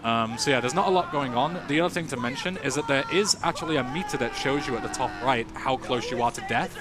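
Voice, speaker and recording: An English man commentating his own speedrun at a live charity marathon, relaxed and chatty with lots of fillers. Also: mid-range voice, fast talker. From England.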